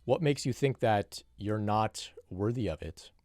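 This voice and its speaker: A man speaking as a spiritual teacher, answering a viewer's question in a reflective, unhurried monologue with frequent restarts. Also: on the low side, expressive, a little mellow, no room sound, studio quality. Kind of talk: solo Q&A monologue.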